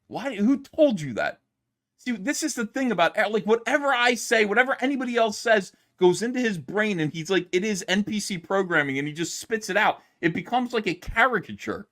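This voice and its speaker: A man streaming his reactions to videos, yelling and swearing in an exasperated rant from home. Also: sits high, lively intonation, fairly quick. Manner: loud, exasperated, profane yelling. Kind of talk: angry commentary rant. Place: home, downstairs.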